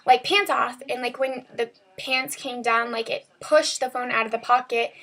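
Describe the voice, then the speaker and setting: A woman's voice: a little high, fairly even intonation, normal speed, fairly bright tone. A teenage girl vlogging, telling a story in a rambling, chatty way full of "like" and "um", recorded at home on a camera mic. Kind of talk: casual storytelling vlog.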